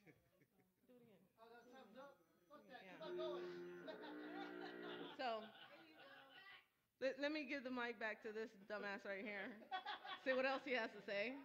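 A woman's voice: a little high, moderate pace, pauses often, dull audio. A woman roasting her friends in a teasing, crude way, a little away from the mic. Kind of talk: casual profane roast. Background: music playing.

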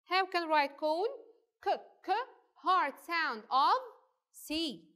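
A woman teaching a kindergarten phonics lesson, drilling letter sounds slowly and clearly in a patient, sing-song way. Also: very high-pitched, sharp tone.

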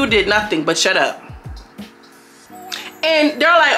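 A young woman giving a casual recap of a reality show, animated and slangy, often slipping into voices for the people she quotes. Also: fairly high pitch, moderate pace, pauses often, over music. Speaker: reality TV reviewer.

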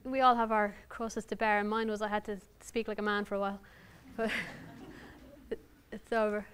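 With a mid-range, level and fairly bright voice at normal speed, an Irish woman novelist gives a reading in a university lounge and then answers the audience's questions candidly, wryly and self-deprecatingly. Slight background noise is audible.

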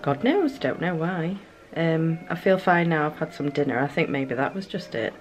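A woman's voice: sits low, expressive, normal speed, a little hiss or hum. A woman, a new mother, vlogging casually at home, chatting and sometimes slipping into sing-song baby talk.

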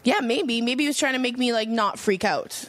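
Candid young woman, fairly high voice. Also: moderate pace. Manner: candid, rambling, lots of fillers. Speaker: podcast guest. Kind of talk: casual conversation.

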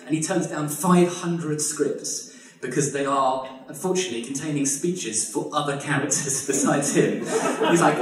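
A man telling a comic history story live, animated and exaggerated, with casual swearing. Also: a little high, normal speed, crowd noise. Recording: echoey room, distant mic.

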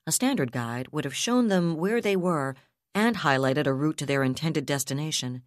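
Woman narrator, very low voice, dry close studio sound, steady audiobook read. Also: moderate pace, no room sound. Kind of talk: scripted narration.

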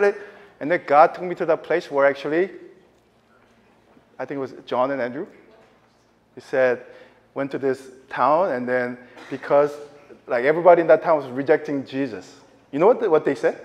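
A man giving a casual preaching lecture, telling stories with many fillers and getting loud and excited at times. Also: moderate pace, in a large hall. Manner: animated storytelling, many fillers, voice jumping high and loud when excited. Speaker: lecturer at a ministry training.

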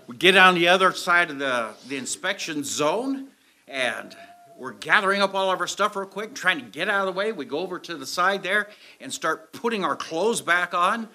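A man preaching in a church, spinning a comic story with lots of acted-out moments. His voice is piercingly bright and swoops up and down, sitting a little high for a man. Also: moderate pace. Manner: animated storyteller acting out scenes. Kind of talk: storytelling sermon. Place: church sanctuary with audience. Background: audience laughter.

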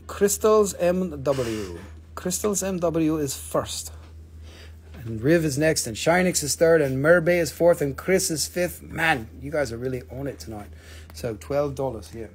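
A man's voice: mid-range voice, slight background noise. A man hosting a live stream to sell crystals, talking casually, swearing freely and counting down each sale.

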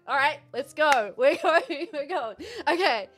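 Her voice sits high and she speaks at a measured pace with few pauses, faint music playing behind her. She's a young woman giving casual commentary on a game stream, lively, talking to chat and laughing a lot.

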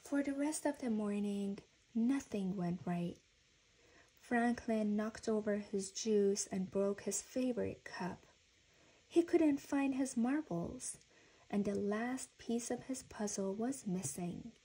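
A woman reading a children's storybook aloud in a gentle, even storytelling manner. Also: medium pitch, slow pace, breathy edge, rough recording. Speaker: reader.

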